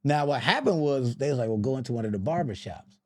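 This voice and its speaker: This guest on a podcast, a man in his forties who acts and does comedy, speaks quickly in an animated, medium-pitched voice. He swears through his stories, acts out other people's voices, and laughs as he goes.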